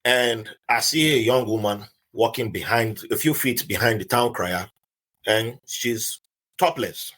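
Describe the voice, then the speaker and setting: Bright-voiced Nigerian man telling a story. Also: medium pitch, measured pace. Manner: animated, acts out the voices of people in his stories. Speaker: podcast guest. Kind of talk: storytelling in casual podcast chat.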